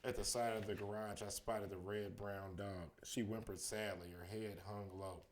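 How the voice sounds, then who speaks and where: A man with a lowish voice reads a children's chapter book aloud at bedtime at a normal speed. His narration stays steady, while the quoted lines come out livelier.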